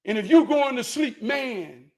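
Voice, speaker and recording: A man's voice: extremely high pitch, animated, unhurried. A man co-hosting a casual talk show, speaking in an emphatic, preachy way. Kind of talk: casual chat.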